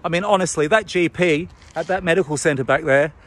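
A middle-aged Australian man vlogging to camera outdoors on a city street, indignant and halting with many restarts. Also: on the high side. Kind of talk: impassioned talking-to-camera vlog.

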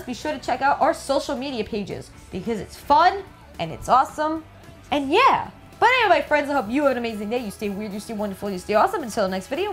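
Woman host, reaction video, excitable, gushing, very animated pitch. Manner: excitable, gushing, frequent mild swearing. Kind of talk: casual reaction commentary.

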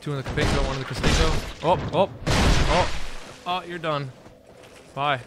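Casting: young male let's player, slightly high voice, excitable sarcastic trash talk, noisy background. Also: fast talker. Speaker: gaming video host. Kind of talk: let's play commentary.

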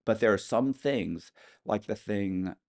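Deep-voiced man telling stories. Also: takes it slowly, darkish tone. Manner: matter-of-fact, rambling, many restarts. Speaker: interview guest. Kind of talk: casual storytelling interview.

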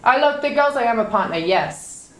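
A woman's voice: on the high side, lively intonation, normal speed, echoey room. A young woman streaming live, reading her chat aloud with swearing and lots of laughter. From United Kingdom.

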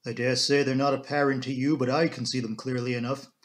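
A man voicing a brisk, self-assured male police inspector in an audiobook, matter-of-fact and blunt. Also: mid-range voice, flat delivery, natural voice. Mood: confident.

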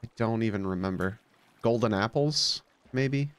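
A man's voice: lowish voice, normal speed, smooth. A man commenting casually on his game as a let's play host, sleepy and just woken up, musing aloud with plenty of fillers.

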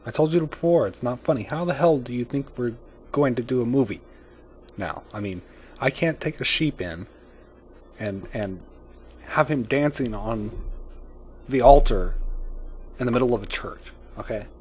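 A man directing a comic video, flustered and fussy, swinging from coaxing to shouting. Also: medium pitch, lively intonation, measured pace, long pauses, breathy edge. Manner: fussy, calls people sweetie. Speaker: machinima director.

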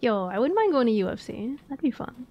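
A woman's voice: fairly high pitch, very animated, brisk, highs cut off. A woman from Atlantic Canada chatting casually with her live-stream viewers, swearing and laughing often. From Maritimes, Atlantic Canada.

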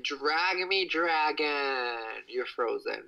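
A young man livestreams casually from his home kitchen, holding a phone at arm's length. He's excitable and gushing, breaking into high squeals, though he speaks at a measured pace over poor audio.

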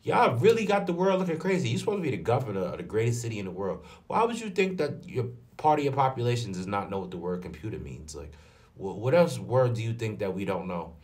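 A man from New York giving an indignant, animated commentary rant. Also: lowish voice, quick pace. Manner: indignant, rhetorical questions, animated. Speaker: commentary vlogger. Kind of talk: ranting commentary. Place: in front of a green screen.

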